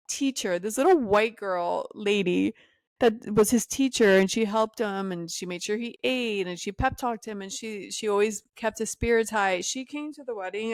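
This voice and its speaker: A woman's voice: mid-range voice, no room sound. A woman hosting a podcast alone, giving opinionated, sassy commentary and ranting with laughs. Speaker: podcast host.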